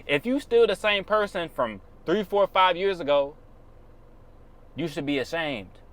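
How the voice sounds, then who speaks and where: A man's voice: a little high, animated, unhurried, a bit bright. A man on his own channel giving blunt, preachy motivational advice in casual, slangy speech. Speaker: YouTuber.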